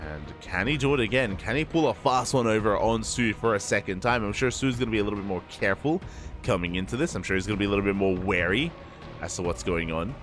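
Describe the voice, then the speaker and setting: Young male game caster, just woke up, slurred delivery, jumps to excitement in fights, faint music underneath. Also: lowish voice, quick pace. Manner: excitable, drowsy between fights. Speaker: esports caster. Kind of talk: live game commentary.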